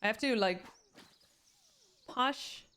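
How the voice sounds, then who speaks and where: Speaking slowly in a fairly high, bright, smooth voice, a Swedish-accented woman streams games and talks casually with her audience. She is a native Swedish speaker who reads viewer comments out loud and answers them.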